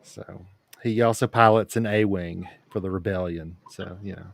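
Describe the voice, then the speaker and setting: A man's voice: low-pitched, fairly even intonation, moderate pace, gravelly, a little hiss or hum. A man hosting a casual livestream, bantering with dry jokes and rambling asides. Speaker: livestream host. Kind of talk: casual chat.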